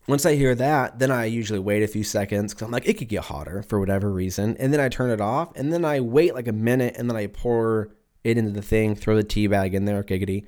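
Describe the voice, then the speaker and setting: This solo podcast host is a man in his twenties whose voice is lowish and a little mellow. Talking into a mic at his computer, he delivers a casual, rambling, profane rant, frequently laughing and poking fun at himself.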